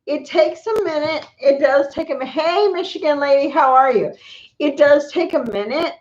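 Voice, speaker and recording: A middle-aged woman vlogger chats casually on a home live stream, speaking to her viewers and her pets in a high-pitched voice at a normal speed. A phone or camera mic picks her up in an echoey room, giving a dull, lo-fi sound.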